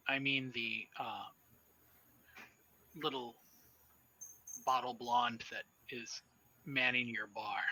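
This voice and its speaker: Guy doing a snooty catty vampire lady, slow, bright and tense. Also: mid-range voice, steady tone, no echo, heavily acted, low-quality recording. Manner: narrates her lines as "she goes". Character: haughty catty vampire woman.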